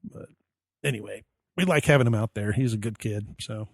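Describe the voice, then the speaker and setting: Podcast co-host, male, gravelly low-toned voice, loose anecdotal delivery. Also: normal speed, no room sound, clean studio sound. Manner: rambling storyteller, acts out quoted dialogue. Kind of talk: casual chat.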